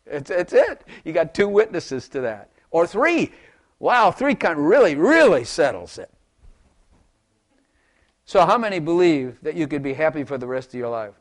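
An older man preaching a rambling, folksy sermon to his congregation, chuckling and repeating words as he goes. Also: medium pitch. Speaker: pastor.

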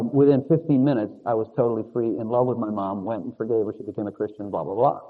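A man's voice: mid-range voice, breathy edge. A man preaching a conversational sermon in a rambling, confessional way with chuckling asides. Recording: narrow phone-like lo-fi sound.

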